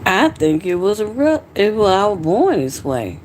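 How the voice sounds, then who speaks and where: A woman's voice: medium pitch, very animated, normal speed, darkish tone, slight background noise. A woman hosting a casual late-night livestream, tipsy and hiccuping, chatting loosely with viewers and swearing freely. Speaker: livestream host.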